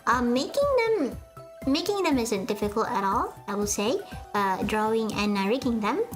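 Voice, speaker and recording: A woman's voice: mid-range voice, expressive, normal speed. A young woman streaming, chatting casually with viewers in a rambling, self-mocking way, full of fillers and restarts. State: sweaty. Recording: faint music behind.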